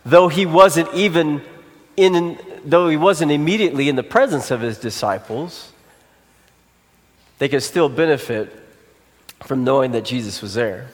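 A man's voice: fairly high pitch, measured pace, pauses often, big-room sound. A father and pastor telling a personal story in a loose sermon style, with frequent fillers.

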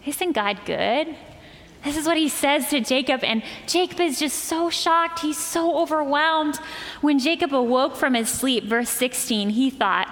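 A woman's voice: on the high side, a little slow, fairly bright tone. A woman pastor delivering a conversational sermon, telling a story and acting out quoted lines. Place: church sanctuary. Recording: long hall reverb of a church.

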